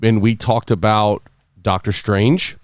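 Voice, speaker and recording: A man's voice: on the low side, steady tone, slow pace, no echo, studio quality. A man hosting a casual podcast, rambling and joking with many fillers. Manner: rambling, filler-heavy, jokey. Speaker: podcast host and sound engineer.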